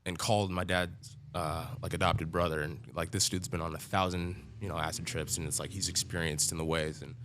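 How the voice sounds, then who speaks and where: A man's voice: sits low, level tone, a little fast, a bit bright, a little hiss or hum. A man telling his own story as a podcast guest in a loose, profane way, full of filler words. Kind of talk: casual storytelling.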